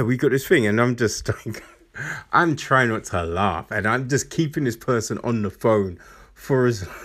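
A man talks slowly through his opinions, his pitch rising and falling in lively swings. He sounds blunt and exasperated, swears freely and keeps checking in with "right?". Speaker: commentator. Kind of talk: casual opinion commentary.

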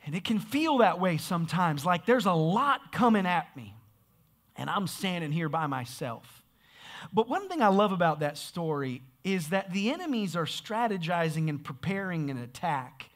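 A man preaching a sermon with energy, often repeating words as he restarts and building up to shouts. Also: high-pitched, sing-song, normal speed. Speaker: pastor.

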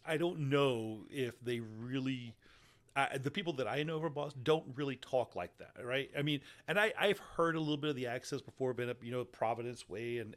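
A man chatting on a movie podcast at a middle pitch, rambling from thought to thought. He swears freely and breaks into laughs between points. The talk is loose and unscripted. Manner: rambling, profane, laughs often. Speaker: podcast co-host. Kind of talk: casual movie podcast chat.

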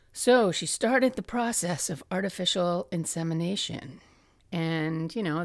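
A middle-aged woman with a fairly low voice hosts her own podcast and tells family stories. She chats along easily, laughs often and slips into the voices of the people she quotes. The recording is close and dry, with no room sound. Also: gravelly, no echo. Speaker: podcast host. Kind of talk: personal storytelling.

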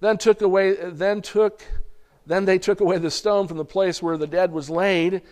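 A man with a notably high-pitched voice delivers a sermon, reading long scripture passages aloud. He talks straight to the congregation as "folks," clearing his throat and restarting words as he goes. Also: steady tone, normal speed, darkish tone. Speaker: preacher.

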